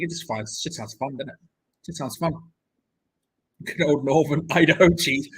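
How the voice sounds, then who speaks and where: A young man hosts a live football watch-along, joking, bantering with viewers and calling the play as it happens. His voice is husky and a little breathy, pitched somewhat high for a man. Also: brisk, a bit bright, low-quality recording. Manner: chatty, jokey, reads viewer comments aloud.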